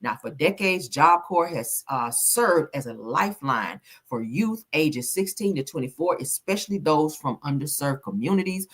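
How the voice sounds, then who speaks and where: A woman with a husky, lower voice that swings widely in pitch as she comments on the news. She talks casually and bluntly, swears freely, and keeps calling her viewers honey and child. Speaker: commentary streamer host.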